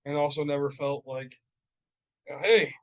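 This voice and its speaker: A man's voice: on the high side, a little fast, highs cut off. Heated, profane man ranting. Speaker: podcast co-host. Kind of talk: casual chat. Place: podcast studio.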